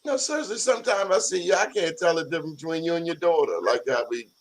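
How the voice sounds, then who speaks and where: A man's voice: a little high, expressive, fast talker. Joking male talk show co-host. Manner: joking, teasing. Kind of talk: casual chat.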